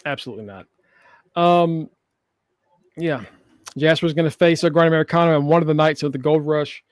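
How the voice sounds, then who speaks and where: A man's voice: fairly high pitch, a little fast, no echo. A man co-hosting a wrestling podcast in casual chat, joking, swearing freely and acting out wrestlers' lines. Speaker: podcast co-host.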